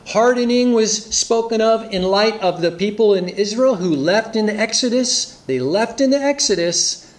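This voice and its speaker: A man preaching an earnest expository sermon, reading scripture aloud and explaining it. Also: sits high. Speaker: pastor.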